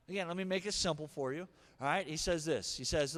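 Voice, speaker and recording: A high-pitched, animated male pastor delivering a sermon, dropping to near-whispers and then shouting his key lines. His voice carries a long hall reverb, as if preached in a large sanctuary. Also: brisk, few pauses. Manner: animated, swings from hushed asides to shouted punchlines.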